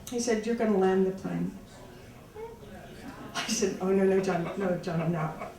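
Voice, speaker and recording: A woman's voice: lowish voice, fairly even intonation, mellow. Wry woman telling a story live, echoey. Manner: halting, many restarts and fillers; wry, laughing asides. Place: small live venue. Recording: echoey, far-off room mic.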